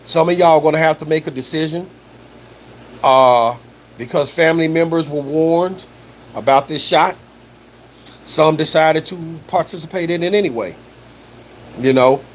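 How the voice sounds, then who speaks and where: A man with a somewhat high-pitched voice talks casually on a livestream, drifting between points and filling gaps with "you know" and "man". He swears freely and answers viewer comments as he goes. A faint air-conditioning hum sits underneath. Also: unhurried, pauses often. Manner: loose, rambling delivery, peppered with "you know" and "man", swearing.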